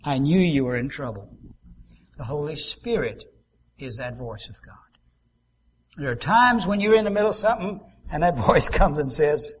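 A man pastor preaching a sermon, swinging from loud emphasis to soft asides and acting out quoted voices. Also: fairly high pitch, lively intonation, moderate pace, pauses often, highs cut off, slight background noise.

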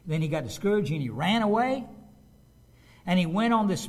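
Animated preacher, lively man's voice. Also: sits high, moderate pace, long pauses. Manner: animated, conversational, acts out quotes. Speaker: pastor. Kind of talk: sermon.

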